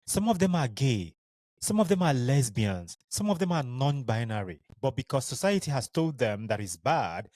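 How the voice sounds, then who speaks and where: A man's voice: mid-range voice, darkish tone, no room sound. Earnest Nigerian man, dry close sound. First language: Igbo. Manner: earnest, heartfelt, speaks tenderly to listeners. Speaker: podcast host. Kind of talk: solo podcast monologue.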